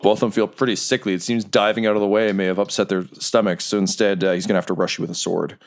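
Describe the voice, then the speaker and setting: A man running a tabletop game as game master, narrating the action playfully and doing quick silly voices for the crowd. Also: lowish voice, steady tone, gravelly.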